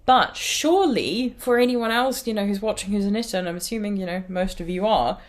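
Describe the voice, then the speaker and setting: A woman's voice: mid-range voice, a little fast. A woman with an Irish accent hosting a knitting podcast, chatting casually in a rambling way and laughing at herself. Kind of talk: casual chat.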